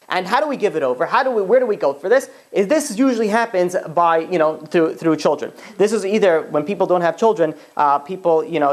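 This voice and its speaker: A man, a rabbi, giving a storytelling sermon to a live audience, acting out the characters' lines as he goes. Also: sits high. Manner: lively storyteller who acts out the characters' dialogue.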